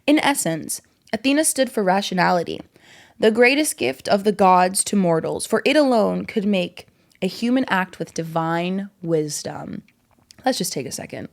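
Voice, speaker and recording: A woman's voice: medium pitch, expressive, moderate pace, gravelly. A young woman hosting a casual podcast, chatty and rambling, with lots of fillers and giggles. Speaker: podcast host. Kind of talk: casual chat.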